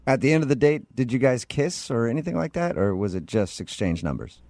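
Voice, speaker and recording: Male morning radio host, jokey and teasing, mid-pitched. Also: expressive, brisk, darkish tone, no room sound. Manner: joking, teasing, goofy.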